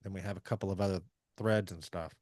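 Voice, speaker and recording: Folksy low-voiced man, dry sound. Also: fairly even intonation, fast talker, a little mellow, dry recording. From Southeast Missouri. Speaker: podcast host. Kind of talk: casual business chat.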